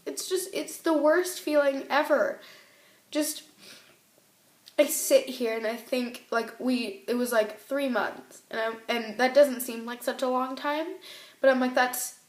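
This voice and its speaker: A woman's voice: on the high side, fairly even intonation, measured pace, roomy sound. A teenage girl vlogging tearfully about a breakup, rambling and emotional, with her voice rising and breaking. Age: teens. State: tearful, crying. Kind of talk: tearful personal vlog.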